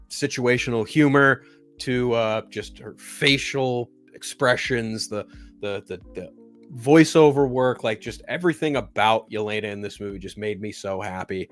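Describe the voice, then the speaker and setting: A man's voice: mid-range voice, measured pace, faint music behind. A man reviewing a superhero film in a casual vlog, gushing and swearing, often restarting his sentences. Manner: enthusiastic, profane, rambling with restarts. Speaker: movie review vlogger. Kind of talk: casual movie chat.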